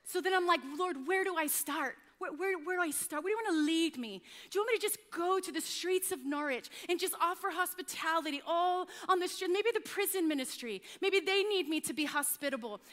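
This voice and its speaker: A middle-aged woman pastor preaching a sermon, telling animated, self-mocking stories about her home life. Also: very high voice, fairly quick, few pauses, in a large hall.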